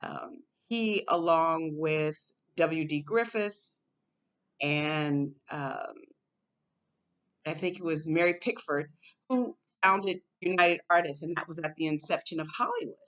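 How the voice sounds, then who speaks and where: A woman vlogger from the United States talks to camera in a loose, musing way, with fillers and the odd laugh. Her voice sits a little low and she takes her time. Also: slow. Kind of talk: casual commentary to camera.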